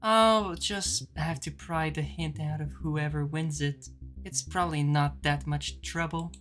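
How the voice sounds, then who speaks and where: A streamer voicing a guarded, ruthless woman from a game, speaking in a calm, measured, quietly cold way. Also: sits low, soft background music. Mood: musing. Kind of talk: reading game dialogue aloud.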